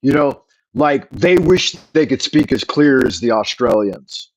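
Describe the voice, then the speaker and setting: A man's voice: mid-range voice, expressive, unhurried, low-quality recording. A middle-aged man with a Californian accent, rambling and swearing in an opinionated livestream chat. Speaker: livestream host.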